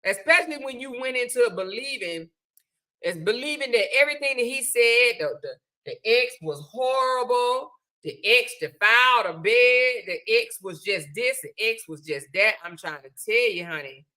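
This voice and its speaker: A woman's voice: on the high side, lively intonation, moderate pace, pushed and bright. A middle-aged woman hosts a live stream, giving sassy, preachy advice and calling her viewers honey and child. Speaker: livestream host. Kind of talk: casual live-stream chat.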